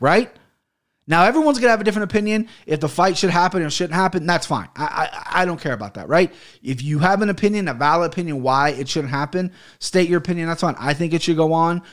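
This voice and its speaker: A man's voice: fairly high pitch, lively intonation, fast. A man hosting his own podcast from a home studio office, ranting heatedly and swearing often. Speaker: podcast host. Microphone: studio mic on an arm.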